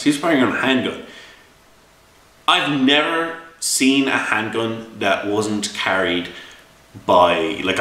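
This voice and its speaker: A fairly low-pitched Irish man with a bright, forceful tone, working as a game reviewer and game master, vents through a lengthy story about a tabletop game, full of repeated words and false starts. It's an informal spoken review, picked up by a distant mic in a reverberant room.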